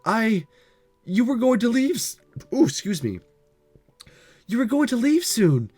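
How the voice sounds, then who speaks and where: A man with a cold voicing an evasive teenage boy in a visual novel reading, speaking lower than his own voice. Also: sing-song, a little slow, darkish tone, slightly rough, soft background music, heavily acted. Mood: defensive. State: has a cold.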